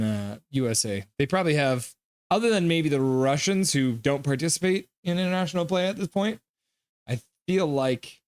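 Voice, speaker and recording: A man's voice: medium pitch, dry recording. Chatty man reading live chat. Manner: reads viewer comments aloud and riffs on them; chatty, loose, many fillers. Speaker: livestream host. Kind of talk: casual live-stream chat.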